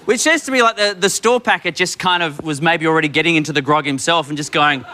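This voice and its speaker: A man's voice: on the high side, quick pace. An Australian man hosting a talk show, delivering a playful comedy monologue in a studio. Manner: playful, animated, jokey. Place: TV studio with live audience. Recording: studio audience laughter and crowd noise.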